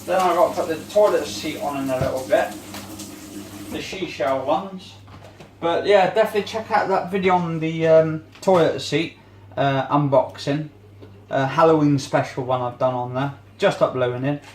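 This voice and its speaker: A man's voice: on the high side, normal speed, roomy sound, a little hiss or hum. A man vlogging in a casual, rambling way while he cleans his home kitchen, often searching for words.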